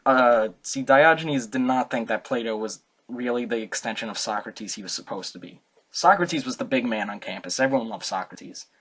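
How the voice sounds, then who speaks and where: A man's voice: medium pitch, moderate pace, fairly bright tone. A young man giving a casual, comic student talk, rambling, joking and correcting himself as he goes. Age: young adult. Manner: rambling, jokey, self-correcting. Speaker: student presenter.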